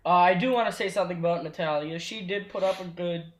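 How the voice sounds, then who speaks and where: A man's voice: high-pitched, quick pace. A young man hosting a casual podcast, leading the rundown in a laid-back way. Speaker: podcast host. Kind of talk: casual chat recapping wrestling. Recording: echoey room.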